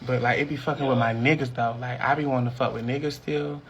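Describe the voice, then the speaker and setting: A man on a casual video chat with strangers, high, boastful and swearing a lot, laughing often. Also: fairly even intonation, quick pace, dull audio, slight background noise.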